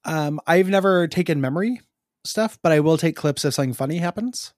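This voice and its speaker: A man co-hosting a casual gaming podcast, talking in halting bursts with fillers, restarts and frequent laughs. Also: on the high side, animated, no echo, clean studio sound. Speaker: podcast co-host. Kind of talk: casual chat.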